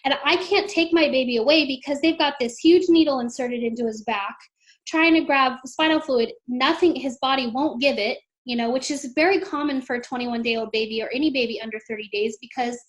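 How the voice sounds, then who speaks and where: A woman's voice: sits high, normal speed. A woman, a mother, recounting a painful experience in an interview, earnest and emotional, lifting her voice when she quotes others. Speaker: mother telling her story. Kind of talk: interview storytelling.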